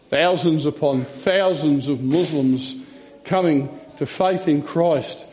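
A man preaching a sermon in an earnest, storytelling way. He reads scripture aloud and often pauses and restarts. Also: on the high side, mellow. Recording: dull lo-fi recording.

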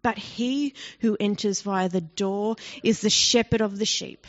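A woman's voice: mid-range voice, fairly even intonation, unhurried. A woman teaching a Bible passage in an explanatory, conversational way, often asking the listeners rhetorical questions. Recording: dull lo-fi recording.

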